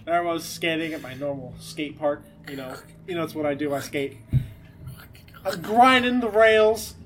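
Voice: medium pitch, fairly even intonation, brisk, a little hiss or hum. A podcast co-host telling a rambling improvised story with lots of fillers. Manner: rambling, laughing, filler-heavy. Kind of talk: casual comedy podcast chat, improvised storytelling.

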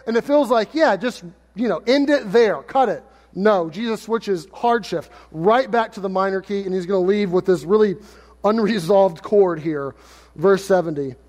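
A male pastor preaching a sermon, reading scripture and acting out quoted lines in lively paraphrase. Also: high voice, a little fast. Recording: long hall reverb.

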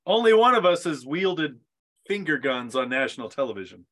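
A man's voice: on the high side, very animated, fairly quick, fairly bright tone. A man co-hosting a casual podcast, playful and jokey, who also reads an ad. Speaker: podcast co-host.

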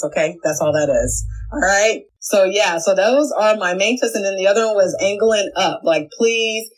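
A young adult woman talks straight into her phone camera from a home office, giving casual tips in a chatty, animated way. She jumps between quick asides and little playful voices, keeping it loose and friendly. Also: mid-range voice, low-quality recording. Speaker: social media video coach.

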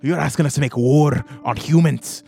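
A man's voice: a little high, moderate pace, gravelly, dark tone, faint music behind, voice pushed up. A man voicing an angry male dwarf who blusters and scoffs in a tabletop game. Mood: indignant. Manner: blustering, scornful.

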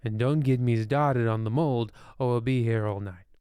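Man, bedtime storyteller, deadpan, sardonic, rambling asides, smooth resonant voice. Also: mid-range voice, normal speed, no echo. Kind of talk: comic bedtime story narration.

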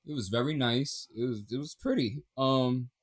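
A man co-hosting a casual podcast, talking in an animated, profane way that swings between loud bursts and mumbled asides. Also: medium pitch, moderate pace. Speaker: podcast co-host.

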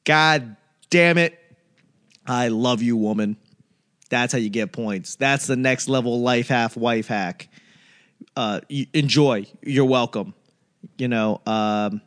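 A man's voice: medium pitch, fairly bright tone. A man hosting a casual solo talk show, ranting on tangents with profanity and sarcastic mimicry. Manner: rambling tangents. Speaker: solo podcast host.

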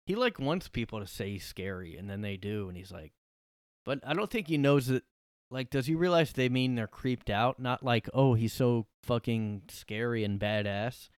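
A man's voice: mid-range voice, lively intonation, normal speed, no echo, studio quality. A young man hosting a solo podcast from his room, ranting with sarcasm and plenty of profanity. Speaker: podcast host.

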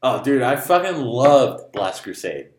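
A man co-hosting a casual podcast, joking and swearing in a loose, animated way. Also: mid-range voice, unhurried. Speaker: podcast co-host. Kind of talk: casual chat. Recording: echoey room with faint noise.

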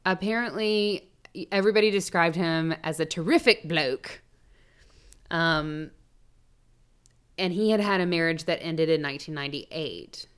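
Woman podcast host, low smooth voice, chatty true crime storytelling, cusses a lot. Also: unhurried, pauses often, a bit bright. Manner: chatty, swearing, storytelling with asides. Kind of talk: casual true-crime chat.

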